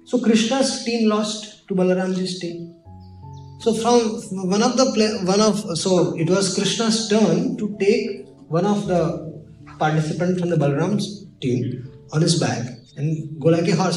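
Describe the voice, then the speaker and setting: Animated preacher in an echoing hall. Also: male voice, high voice, normal speed. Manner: animated, switching into Hindi and acted voices. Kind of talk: devotional storytelling sermon. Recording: echoey hall, voice off mic, faint music.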